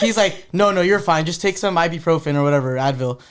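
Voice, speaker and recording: A young man of eighteen from the Bay Area, chatting as a guest on a podcast. His voice sits a little high for a man, and he tells stories in a loose, easygoing way. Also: fast talker, few pauses. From San Francisco Bay Area. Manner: laid-back storytelling, lots of filler "like". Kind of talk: casual chat.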